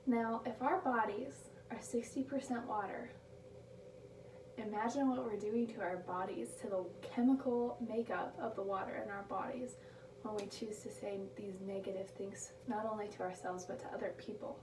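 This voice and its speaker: A woman delivering a prepared motivational speech, slowing down to stress her key phrases. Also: mid-range voice, fairly even intonation, distant mic. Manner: emphatic, slows down on key phrases. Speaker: speaker giving a motivational speech. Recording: echoey room taken from afar, background noise.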